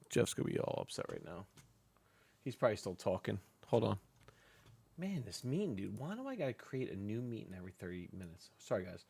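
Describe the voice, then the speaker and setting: A man's voice: lowish voice, big pitch swings, fairly quick, vocal fry, breathy edge. A man hosting a casual live stream about pet snakes, talking loosely with a guest and his chat, laughing often and swearing freely.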